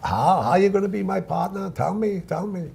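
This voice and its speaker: A man putting on a shrill stingy old shopkeeper. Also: expressive, fairly quick, gravelly, a little mellow, slight background noise, full character voice. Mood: indignant. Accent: Yiddish-inflected. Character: gruff old male shopkeeper, stingy and haggling.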